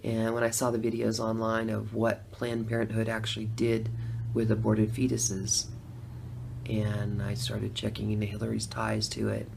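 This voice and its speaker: A woman's voice: very deep voice, completely flat delivery, moderate pace, creaky, noisy background. A middle-aged woman telling a personal story in a casual, conversational way. She laughs often and acts out her own reactions. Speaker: former Democrat voter telling her story.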